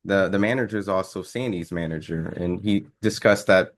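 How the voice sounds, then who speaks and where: A man's voice: deep voice, moderate pace. A man interviewing a fighter, asking long, hesitant questions full of "um" and restarts.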